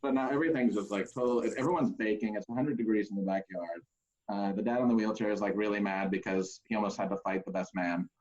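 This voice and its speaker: A man's voice: quick pace, dull audio. A man, a pastor, telling a funny wedding story in casual chat, acting out the people in it. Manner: animated, acts out characters in high voices.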